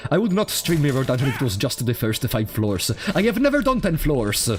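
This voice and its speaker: Faint game music sits under the casual commentary of a game-streaming man from Italy, a native Italian speaker with an Italian accent. His mid-range voice swoops wildly in pitch at normal speed, and he's wry, sarcastic and quick to laugh.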